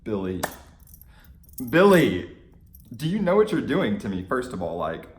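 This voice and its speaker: A young man telling an excited fan story in a casual vlog, gushing and full of "like"s. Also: lowish voice, brisk, echoey room. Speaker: vlogger.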